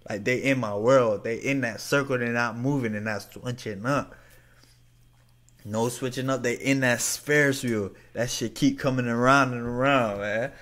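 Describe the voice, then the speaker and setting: A man hosting a reaction video, laughing often and repeating the lines he hears back in excitement. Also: medium pitch, moderate pace. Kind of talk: casual reaction commentary.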